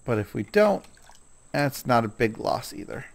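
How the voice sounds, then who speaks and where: A man's voice: mid-range voice, very animated, a little slow, vocal fry. A man casually commenting on his own gameplay, chatting to himself and scolding the animals in the game.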